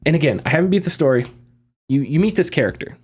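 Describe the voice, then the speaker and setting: A man with a slightly high voice talks through a story in casual podcast chat. He rambles, restarts his phrases and keeps the energy up. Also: quick pace, husky. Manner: animated, rambling, frequent restarts and laughs. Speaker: podcast host.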